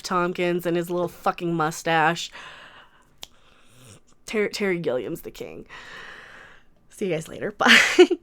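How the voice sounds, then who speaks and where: A woman's voice: medium pitch, fairly bright tone, clean tone. A woman YouTuber ranting in a commentary vlog, sarcastic and crude, often repeating herself.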